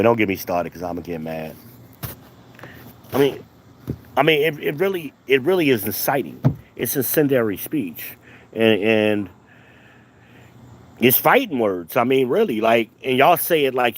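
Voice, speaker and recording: A man's voice: mid-range voice, sing-song, normal speed, a little hiss or hum. Heated man ranting on camera. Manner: emphatic, repetitive, heated. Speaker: commentator. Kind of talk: casual rant.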